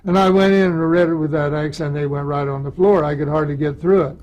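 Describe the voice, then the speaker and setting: A man's voice: on the high side, fast, dull audio. A man in an interview telling an anecdote about an audition, acting out what people said. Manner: lively storyteller who acts out quotes. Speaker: actor recalling an audition.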